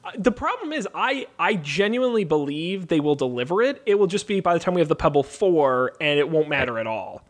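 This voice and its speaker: Chatty podcast host, slightly high voice. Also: male voice, sing-song, a little fast. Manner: chatty, joking, runs show plugs. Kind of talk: casual podcast chat.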